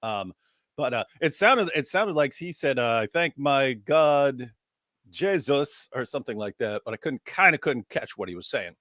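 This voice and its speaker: A man's voice: medium pitch, very animated, a little fast, sharp tone, no room sound, studio quality. A man co-hosting a live reaction stream, talking casually and jokily with frequent restarts. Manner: casual, joking, lots of restarts. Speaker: co-host.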